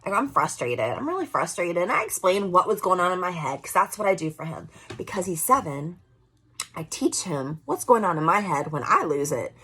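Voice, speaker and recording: Chatty woman in her forties, lively pitch. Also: moderate pace, husky. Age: 40s. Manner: chatty and candid, swinging between loud and soft asides. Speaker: vlogger. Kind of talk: casual vlog talk.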